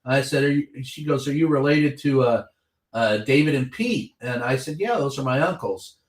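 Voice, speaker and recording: A man's voice: mid-range voice, animated, moderate pace, roomy sound. A veteran reporter, a man, talking politics bluntly and heatedly, swearing freely as he tells stories. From Kentucky. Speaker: veteran White House reporter, guest. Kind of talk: impassioned political talk.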